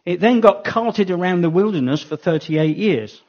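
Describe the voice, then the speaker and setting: A man's voice: high-pitched, lively intonation, normal speed, darkish tone. A man giving a Bible teaching talk, thinking aloud and correcting himself as he goes. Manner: thinking aloud, frequent ums and self-corrections. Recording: dull lo-fi recording.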